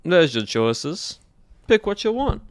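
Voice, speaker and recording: Man, Southern US accent, casual stream chatter, thinking aloud, smooth resonant tone. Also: a little high, very animated, takes it slowly, no echo. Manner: chatty, thinking aloud while polling chat. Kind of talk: casual livestream chat with viewers.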